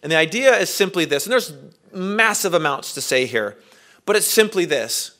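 A man preaching a sermon, earnest, asking rhetorical questions and swinging between loud emphasis and quiet. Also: high-pitched, lively intonation, normal speed. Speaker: pastor.

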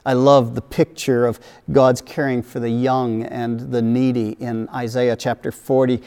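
A man preaching a sermon in an earnest, gentle way, softening his voice at tender points. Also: medium pitch. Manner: gentle, earnest preaching with soft dips and lively acted quotes. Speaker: pastor. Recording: long reverb of a large hall.

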